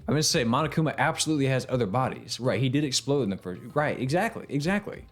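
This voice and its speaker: A man streaming a video game, reacting loudly, swearing, laughing and chatting with viewers. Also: mid-range voice, animated, fast talker, soft background music. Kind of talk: casual gaming stream commentary.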